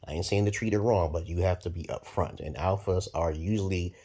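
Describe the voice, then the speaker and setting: A man in his forties from Brooklyn, New York, giving a profane, rambling monologue to camera with sudden loud jumps. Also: low-pitched, fairly even intonation, brisk, slightly rough. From Brooklyn, New York, USA. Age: 40s. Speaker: vlogger.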